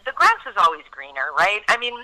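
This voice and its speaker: A woman with a very bright, forceful voice talks in a loose, casual interview. She swears freely and peppers every thought with "like". Her rambling speech is full of restarts. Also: medium pitch, huge pitch swings, brisk, low-quality recording. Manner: chatty, swears freely, heavy use of "like". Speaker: guest actress.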